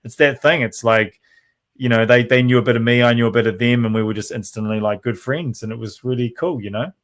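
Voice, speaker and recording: A man's voice: medium pitch, brisk. A man who plays drums, a guest in a casual interview, who talks in long, rambling runs with lots of fillers. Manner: rambling, many fillers and restarts. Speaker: drummer guest.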